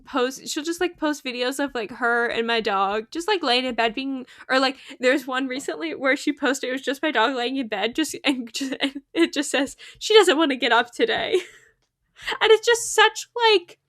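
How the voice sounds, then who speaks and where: A young woman rambling casually on a game livestream, full of fillers and little laughs. She sounds sleepy, yet her high voice stays bright. The close mic in her room is dry, with no room sound. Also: lively intonation, normal speed, no room sound. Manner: chatty, giggly, lots of fillers. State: sleepy, yawning. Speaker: streamer.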